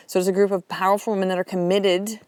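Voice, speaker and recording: A woman's voice: medium pitch, flat delivery, fast, a little mellow, smooth, no room sound. A woman hosting a motivational podcast, talking bluntly and emphatically and swearing freely. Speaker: podcast host.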